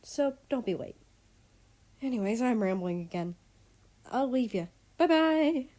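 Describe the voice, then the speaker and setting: A woman's voice: fairly high pitch, expressive, unhurried, dark tone, voice pushed up. A woman voicing a chatty, playfully bossy frail maid in a storybook reading.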